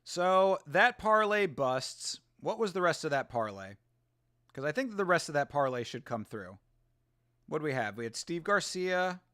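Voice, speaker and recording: Casual male host, slightly high voice, sarcastic and salty, dry close mic, live watch-along. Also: moderate pace, dry recording. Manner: animated, profane, sarcastic, laughs often. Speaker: show host.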